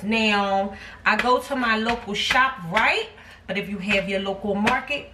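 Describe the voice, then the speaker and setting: A woman chats to her viewers while she cooks in her home kitchen. Her voice sits on the higher side. She is picked up by a phone set back from her, so she sounds distant, with clear noise behind her. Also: animated, a little slow. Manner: chatty, addresses viewers as y'all. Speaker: cooking vlogger. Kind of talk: casual cooking vlog. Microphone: phone camera set back.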